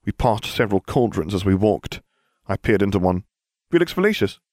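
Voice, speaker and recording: A man reading a story aloud in a lively, animated way. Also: fairly low pitch, moderate pace, no echo, clean studio sound. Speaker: narrator. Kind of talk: reading fan fiction aloud.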